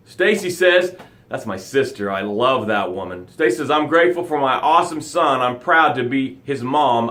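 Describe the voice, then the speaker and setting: Reading viewer comments aloud during a motivational live broadcast, a middle-aged man alternates between loud, dramatic pushes and soft, quiet lows.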